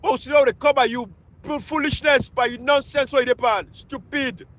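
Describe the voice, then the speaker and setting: A man from Sierra Leone with a Krio accent, delivering a fiery, scolding political rant that swings between loud outbursts and low mutters. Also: fairly even intonation, brisk, rough recording. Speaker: political commentator.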